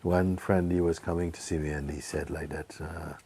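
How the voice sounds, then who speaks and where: A man giving a soft-spoken spiritual talk, telling a personal story and often sinking to a hush. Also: low-pitched, level tone, moderate pace, slightly rough. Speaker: spiritual teacher.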